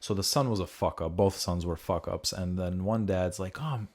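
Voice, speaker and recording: A young man hosting a casual podcast chat, swearing freely and getting animated as he makes his points. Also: normal speed. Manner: animated, swearing freely, jumps into high mocking voices when quoting. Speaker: podcast host.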